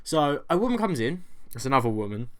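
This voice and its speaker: Animated British man telling a story. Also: mid-range voice, fast talker. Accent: British English. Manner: animated storytelling, acting out both sides of the exchange, swearing. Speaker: vlogger. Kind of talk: storytelling vlog.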